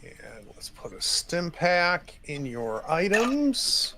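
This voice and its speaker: A man narrating as game master, relaxed and hesitant with many fillers. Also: a little high, slow pace, gravelly, slight background noise.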